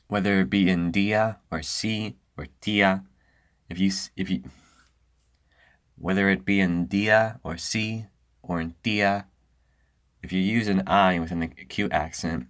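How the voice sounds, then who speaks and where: A woman's voice: a bass voice, no echo, clean studio sound. A woman reading a scripted voice-over narration, often stopping to correct herself and restart lines.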